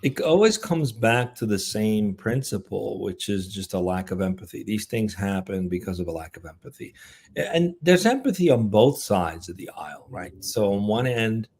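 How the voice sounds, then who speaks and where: A man co-hosting a business podcast, making his point in an expressive way. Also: fairly low pitch, normal speed, slightly rough. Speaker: podcast co-host. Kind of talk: casual podcast discussion.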